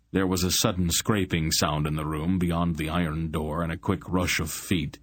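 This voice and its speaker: A man narrating a fantasy audiobook in a measured, dramatic way. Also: low-pitched, flat delivery, no echo. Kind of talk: scripted narration.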